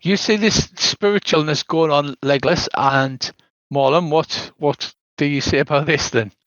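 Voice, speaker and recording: Older British game master narrating a spooky tabletop adventure, dry and slightly muffled call audio. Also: male voice, a little high, unhurried, a bit bright, dry recording.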